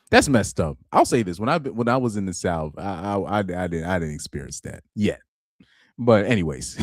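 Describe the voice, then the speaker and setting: Brief: male streamer, deep voice, dry close recording, halting live commentary with repeated words. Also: sing-song, a little mellow, no room sound. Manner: halting, repeats words, reads quotes aloud.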